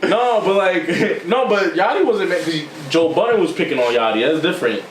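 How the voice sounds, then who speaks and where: Man co-host, casual storyteller, pitched a bit high, miked from a distance in an echoey room. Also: normal speed, a crowd in the background. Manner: animated storytelling, acts out quotes with sudden pitch jumps. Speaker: podcast co-host. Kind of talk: casual chat.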